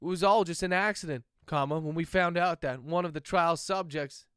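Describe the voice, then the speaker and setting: A desperate, grieving father confesses in halting bursts, his voice climbing with distress, as a man puts him on while reading his story aloud. The tone is smooth and resonant, and sits a little high for a man. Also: fairly bright tone, dry recording, studio quality, natural voice. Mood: anguished.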